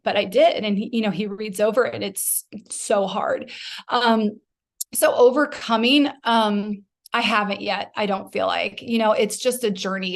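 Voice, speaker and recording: A woman in her forties, a podcast guest speaking softly and reflectively, with frequent fillers. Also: mid-range voice, creaky. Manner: soft-spoken, reflective, with many um and you know fillers. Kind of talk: personal testimony in a podcast interview.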